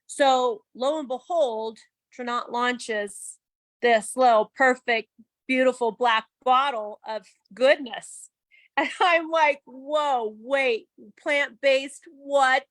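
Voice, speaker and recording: A woman shares her story in a candid, lively way, laughing easily and acting out her own reactions. Her voice sits a little high, and the sound is dry and close, like a video call. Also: slow pace, no room sound. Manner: chatty and animated, with laughs and quoted self-talk. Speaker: guest giving a testimony. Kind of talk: candid personal testimony.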